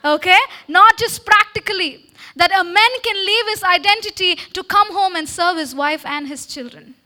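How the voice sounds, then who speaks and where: A woman's voice: extremely high pitch, moderate pace, sharp tone. A woman giving a sermon-style talk to a congregation into a handheld mic, exhorting the listeners and checking in with them again and again. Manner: exhorting, with frequent "Okay?" call-and-response. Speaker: speaker at a church meeting. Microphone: handheld microphone.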